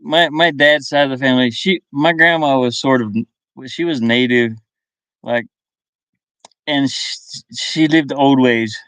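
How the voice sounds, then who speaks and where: An easygoing man with a faint Southern drawl, chatting live and reading viewer comments aloud. He thinks out loud and chuckles often, in a smooth, clear voice. The sound is dry and close, from inside his van. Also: medium pitch, measured pace, no echo. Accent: American with a faint Southern drawl. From US South (Kentucky and Virginia). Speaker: live-stream host.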